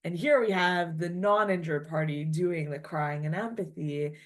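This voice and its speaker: A woman teaching classical texts in a conversational lecture, thinking aloud with frequent "right?" and "like", and reading Hebrew and Aramaic phrases before translating them. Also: sits low. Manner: thinks aloud, checks in with "right?" and fills pauses with "like" and "um". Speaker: Torah teacher. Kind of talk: conversational text-study lecture.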